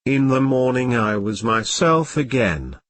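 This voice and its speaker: A computer-generated male voice narrating an audiobook in a slow, even reading. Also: mid-range voice, dry recording.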